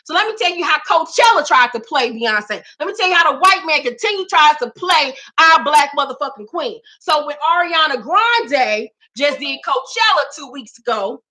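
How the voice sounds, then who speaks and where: A woman's voice: sits high, pushed and bright. A woman hosting her own vlog, ranting about celebrity gossip in a profane, emphatic way and repeating lines for effect. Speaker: vlog host.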